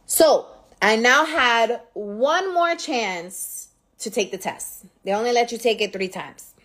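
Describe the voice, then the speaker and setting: A woman in her thirties from New York with a New York accent, hosting a casual livestream and telling a story straight to her viewers in a candid, profane, animated way. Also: a little high, slow pace. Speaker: livestream host.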